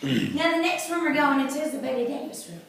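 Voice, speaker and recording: Woman tour guide, slightly high voice, chatty and folksy, heard from a distant camera in a very echoey room. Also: sing-song, fast talker, gravelly. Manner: chatty, folksy storytelling with jokes. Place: indoors in a large historic house.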